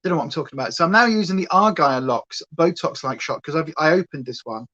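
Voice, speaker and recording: A woman's voice: low-pitched, animated, quick pace, fairly bright tone, lo-fi sound. A British woman hosting a livestream from home, chatting casually and going off on tangents. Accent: British English. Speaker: livestream host. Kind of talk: rambling casual chat.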